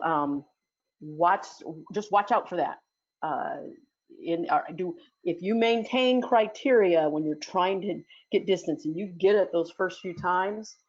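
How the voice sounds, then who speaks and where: Speaking at a fairly low pitch, with the high frequencies cut off, a woman leads an informal lesson in an audio chat room as a dog sport instructor. She's talkative, often restarting and using fillers.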